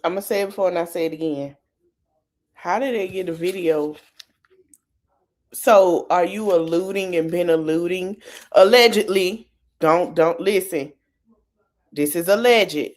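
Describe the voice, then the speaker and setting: A woman hosting a podcast, talking in animated, casual gossip and hedging her claims. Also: on the low side, unhurried, pauses often. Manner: animated, repeatedly hedging with "allegedly". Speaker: podcast host.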